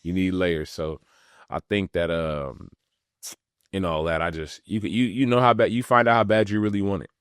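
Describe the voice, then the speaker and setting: A young man from California, a podcast host and former pro athlete, telling stories in relaxed slangy talk with frequent laughs. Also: sits low, moderate pace, clear, resonant tone, no echo, studio quality. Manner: laid-back slangy talk, laughs often. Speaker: podcast host, retired pro basketball player. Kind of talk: casual storytelling.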